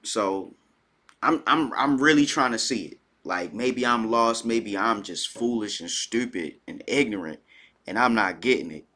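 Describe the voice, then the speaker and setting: A man's voice: fairly low pitch, lively intonation, unhurried, pushed and bright. A man hosting a reaction video, commenting bluntly and skeptically on a clip, with self-deprecating asides. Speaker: channel host reacting to a clip.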